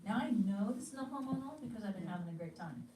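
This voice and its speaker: A woman's voice: mid-range voice, animated, fast, background noise. An American woman giving a teaching talk, telling stories animatedly and acting out her own quoted thoughts. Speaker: ministry teacher. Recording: echoey room, mic at a distance.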